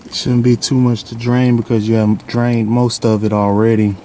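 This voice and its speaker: A man's voice: mid-range voice, moderate pace. A man casually explaining a car oil change step by step, slightly out of breath, recorded outdoors under a car on a windy day. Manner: relaxed, plain-spoken, instructive. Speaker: DIY car vlogger. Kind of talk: casual how-to narration. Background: wind and outdoor noise.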